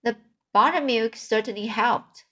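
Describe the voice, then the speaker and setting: A woman voicing a brisk, practical farm wife. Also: a little high, sharp tone.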